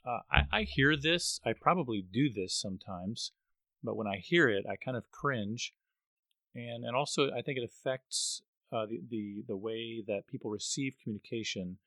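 A man's voice: medium pitch, moderate pace, a bit bright, dry recording. A man hosting a podcast interview, earnest and often repeating words as he goes. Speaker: podcast host.

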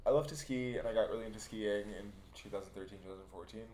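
A man's voice: lowish voice, racing, darkish tone, reverberant, faint music behind. A man co-hosting a podcast in casual chat, rambling with many fillers and restarts. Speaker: podcast co-host.

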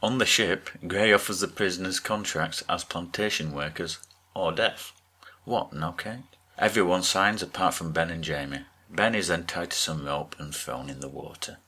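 A man co-hosting a podcast, recapping a TV episode with wry, deadpan asides. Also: low-pitched, moderate pace. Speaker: podcast co-host.

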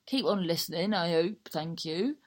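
A woman's voice: on the low side, expressive, moderate pace. Chatty, sweary Cornish woman. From Cornwall. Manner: chatty, sweary, rambling and self-mocking. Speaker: podcast host. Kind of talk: casual podcast chat.

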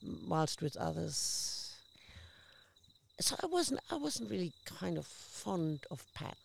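A woman, a guest actress, telling lively anecdotes in casual conversation and acting out the people she quotes. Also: on the low side, slow pace, creaky, slight background noise. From Australia. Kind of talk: casual chat.

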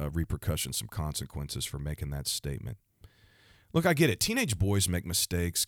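A man delivering fervent, preachy commentary, repeating himself and building to loud outbursts. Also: low voice, dry recording, clean studio sound. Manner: fervent, repetitive, with restarts and rising outbursts. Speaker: Christian commentator.

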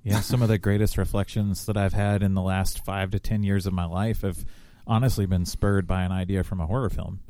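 A man co-hosting a podcast, easygoing and reflective. His voice sits very low and sounds dry and close to the mic. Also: little pitch movement, fairly quick, hardly any pauses, mellow, no room sound. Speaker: podcast co-host. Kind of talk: casual chat.

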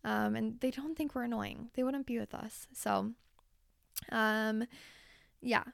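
Woman, solo podcast host, chatty and candid, casual swearing, vocal fry, smooth tone. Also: on the high side, steady tone, takes it slowly, dry recording, studio quality. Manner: chatty, with frequent fillers.

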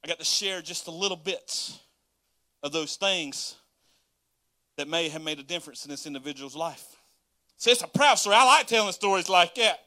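A man, a pastor telling a folksy, animated story in a sermon with laughing asides to the congregation. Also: on the high side, moderate pace, long pauses.

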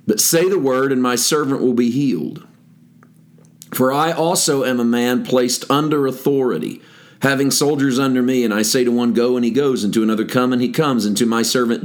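A man with a mid-pitched voice teaches from a Bible passage on his podcast. He reads verses aloud, then stops to stress key words and unpack them for listeners. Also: animated, moderate pace. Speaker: pastor.

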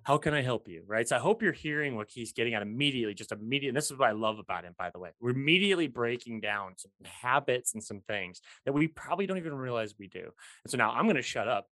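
A man's voice: mid-range voice, expressive, fast, hardly any pauses, sharp tone, dry recording. A man hosting a call with a guest, prompting him eagerly. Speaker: host.

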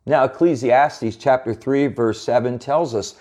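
A male pastor gives an expository sermon in a mid-pitched voice. He reads scripture passages aloud and then explains them earnestly. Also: measured pace, darkish tone.

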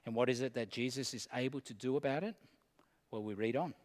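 A man preaching a sermon, earnest and deliberate, pausing between phrases. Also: mid-range voice, in a large hall.

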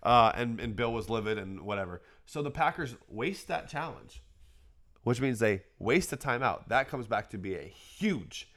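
A man co-hosting a casual sports podcast, talking through a game in a relaxed, conversational way with frequent small laughs. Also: medium pitch, normal speed. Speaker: podcast co-host.

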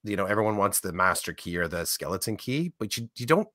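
A man's voice: on the low side, very animated, fast talker, sharp tone, no echo, studio quality. A man co-hosting a casual chat, encouraging and reflective. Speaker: co-host.

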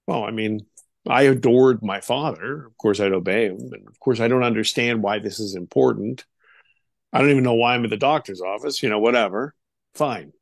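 A middle-aged man as an interview guest, telling a story with lively delivery, acting out the voices of others, with frequent fillers. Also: on the low side, moderate pace, creaky, dry recording, studio quality. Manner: animated, acts out quoted voices, many fillers.

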